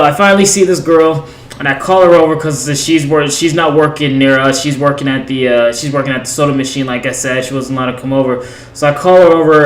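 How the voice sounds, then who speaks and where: A man's voice: a little high, reverberant, slight background noise, poor audio. A young man casually telling a long personal story over gameplay, rambling with lots of restarts and fillers.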